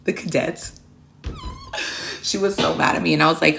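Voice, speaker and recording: A woman's voice: low-pitched, steady tone, normal speed, creaky, fairly bright tone, slight background noise. Woman, tarot livestream host, casual rambling chat, swears freely, blunt, stops to thank viewers by name.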